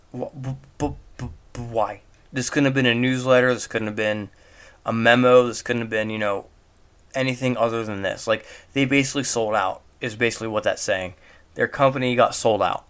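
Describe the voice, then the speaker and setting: A man's voice: mid-range voice, fairly bright tone. A man giving casual commentary on a film, rambling and incredulous, firing off rhetorical questions. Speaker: movie reviewer.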